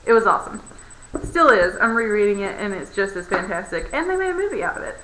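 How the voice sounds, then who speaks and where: A woman's voice: medium pitch, big pitch swings, fast talker, a bit bright. A young adult woman, a barista, ranting to camera in a sarcastic, exasperated way. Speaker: barista vlogger. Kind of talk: casual rant to camera. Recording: roomy echo.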